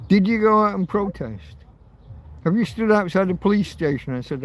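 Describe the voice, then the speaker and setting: A man's voice: high-pitched, lively intonation, normal speed. A man hosting an informal livestream, ranting heatedly and swearing, with phrases repeated for emphasis. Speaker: livestream host.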